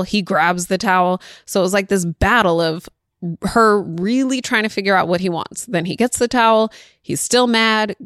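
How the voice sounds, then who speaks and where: A woman's voice: medium pitch, fairly bright tone, clean tone, dry recording, clean studio sound. A woman in her thirties hosting a parenting podcast, talking in a chatty way, laughing often and dropping in a lot of "like.". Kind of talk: casual chat.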